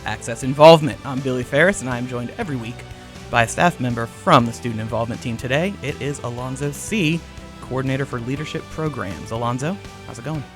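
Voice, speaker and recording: Fast-talking joking male podcast host. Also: mid-range voice, faint music behind. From Boston. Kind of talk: casual podcast interview.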